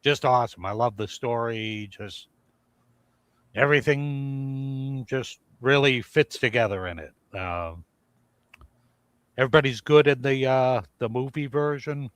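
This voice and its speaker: A man co-hosting a casual live podcast, talking in an easygoing, unhurried way. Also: mid-range voice, clean tone, dry recording. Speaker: podcast co-host. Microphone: video call.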